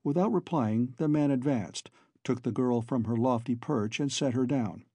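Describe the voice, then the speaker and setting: A man's voice: medium pitch, moderate pace, warm tone, slightly rough, no echo. A man reading a novel aloud as an audiobook narrator, telling the story steadily. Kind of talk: scripted narration.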